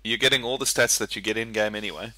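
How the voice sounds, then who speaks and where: A man's voice: fairly low pitch, steady tone, quick pace, bright, forceful tone, no echo, low-quality recording. A man co-hosting a casual gaming podcast, playful and laughing easily. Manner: laughing, playful, talks over others. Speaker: podcast co-host. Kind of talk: casual chat.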